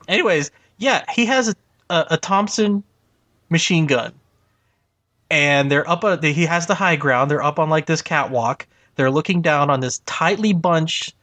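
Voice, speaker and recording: A man co-hosting a podcast, chatting casually about movies, with frequent laughs and halting restarts. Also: a little high, animated, fairly bright tone, no echo. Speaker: podcast co-host. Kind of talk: casual movie review chat.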